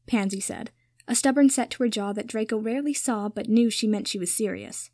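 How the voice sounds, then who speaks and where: A woman narrating a story in a measured, even reading style. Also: fairly high pitch, dry recording, clean studio sound.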